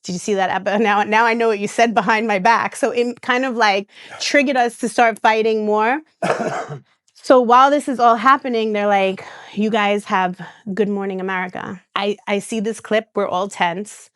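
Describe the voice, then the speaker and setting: This is a woman, sitting at a podcast mic and recounting stories. She talks in a chatty, animated way, slipping into other people's voices with quick restarts. Her voice is smooth and clear, recorded close and dry. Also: mid-range voice, no echo. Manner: animated storyteller who acts out quoted voices, with restarts and laughs. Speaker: reality TV star and guest. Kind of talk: casual storytelling interview.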